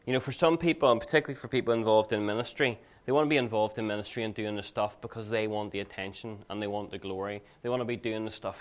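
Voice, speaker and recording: A male pastor with a fairly low voice preaches a sermon and tells stories along the way. His delivery is conversational and earnest, more like chatting than proclaiming. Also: quick pace, hardly any pauses. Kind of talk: sermon with personal anecdotes.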